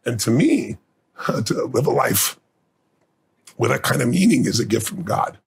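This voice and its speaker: A man's voice: medium pitch, very animated, a little slow, gravelly, breathy edge. A middle-aged man, a guest in an interview, telling stories earnestly and intensely and choking up with emotion. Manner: earnest, intense, gets choked up. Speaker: guest speaker.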